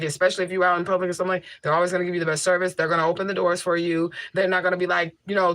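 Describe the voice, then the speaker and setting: Speaking into a mic with a homemade tissue filter, a livestream host responds to viewer comments in a casual, blunt way, often saying things twice to drive them home. Her pitch is fairly low, the tone a bit bright, and there's no room sound.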